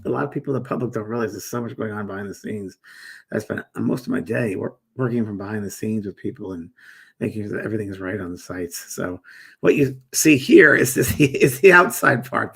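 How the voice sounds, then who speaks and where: A middle-aged man with a gravelly, husky voice hosts a casual live spiritual chat. He rambles warmly from topic to topic, reading out viewer comments and answering them one by one. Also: fairly low pitch, brisk. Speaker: host and medium.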